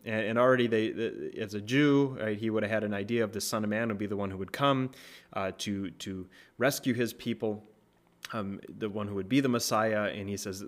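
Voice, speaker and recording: A man with a fairly low voice preaches in a relaxed, conversational way. He restarts his sentences and keeps checking in with "right?". His voice climbs when he acts out quoted lines. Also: brisk. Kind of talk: casual sermon retelling a Bible story.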